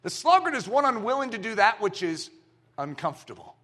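A man preaching in a church with a high, bright voice that leaps all over the place. He is animated and throws himself into the voices he quotes, pushing hard on his main points. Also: a little fast. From United States. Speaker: pastor. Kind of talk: sermon.

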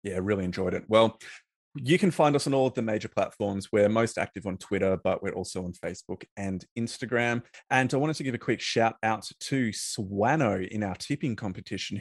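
A man hosts a casual podcast, upbeat and joking with his guest. His voice sits fairly low, and it is recorded close and dry with no room sound. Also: no echo. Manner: upbeat and jokey. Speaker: podcast host.

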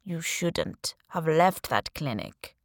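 A woman voicing a cold, calm male assassin. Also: sits low, slow, no room sound, clean studio sound, full character voice. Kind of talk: audiobook character voice.

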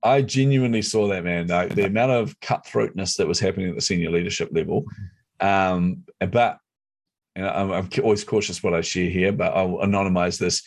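A middle-aged man telling a personal story as an interview guest, animated and competitive. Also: low-pitched, a little fast. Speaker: guest, speaker and entrepreneur.

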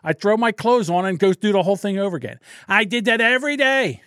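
A man's voice: sits high, fast talker, no room sound, studio quality. A man with a South Jersey accent co-hosting a podcast, telling stories and mocking people in a loose, profane way. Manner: animated, mocking, profane storyteller. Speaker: podcast co-host. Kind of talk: casual podcast banter.

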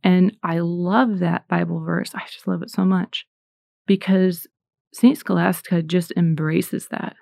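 Middle-aged woman chatting earnestly about faith, low gravelly voice, dry close sound. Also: steady tone, measured pace, a little mellow, dry recording. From United States. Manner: earnest, chatty, lots of fillers. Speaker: Christian speaker. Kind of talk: casual faith talk.

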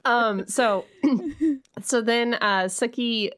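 A woman's voice: a little high, drawn-out words, fairly bright tone. A woman co-hosting a casual chat, recapping events chattily and laughing often. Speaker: podcast co-host.

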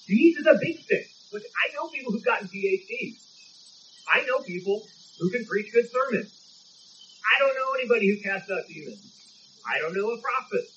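A man with a fairly high voice, preaching. He tells stories in an emphatic, conversational way, with a faint hum behind him. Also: lively intonation, normal speed, bright, forceful tone, highs cut off. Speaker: pastor. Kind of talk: sermon.

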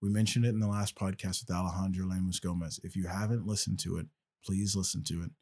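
Husky, joking male podcast host. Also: low voice, little pitch movement, quick pace, darkish tone. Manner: loose, joking, rambling. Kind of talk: casual podcast chat.

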